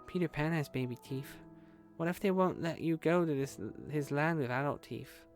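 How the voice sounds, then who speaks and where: A man voicing a scared little girl, a chattering younger sister, in a high, pleading, childlike voice while reading a game aloud. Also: normal speed, faint music behind, lightly acted.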